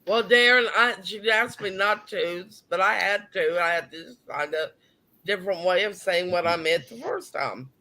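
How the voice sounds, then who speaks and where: A man with a high, bright voice who jokes in good fun on a live video chat. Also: moderate pace, rough recording. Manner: playful, good-natured teasing. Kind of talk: casual chat on a video call.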